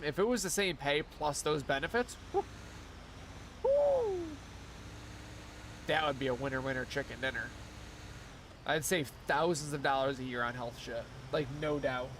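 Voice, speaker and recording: A man's voice: a little high, fairly bright tone, slight background noise. A young man streaming live, chatting casually in a rambling, profane way and laughing often. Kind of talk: casual chat while streaming a game.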